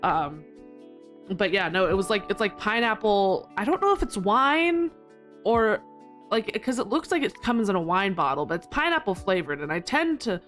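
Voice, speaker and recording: A woman's voice: animated, moderate pace, fairly bright tone, soft background music. Giggly rambling woman streamer. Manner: giggly, rambling, with frequent laughter; squeaky high protests when flustered. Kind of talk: casual live-stream chat.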